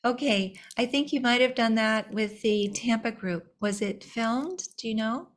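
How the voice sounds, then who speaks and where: A woman's voice: fairly high pitch, a little slow. A woman moderating an online session, friendly, reading audience questions aloud from the chat.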